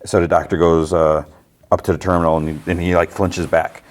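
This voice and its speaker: A man's voice: low voice, level tone, fairly quick. A man hosting a podcast, casually recapping a TV episode in a rambling way with lots of "like" and fillers. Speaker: podcast host.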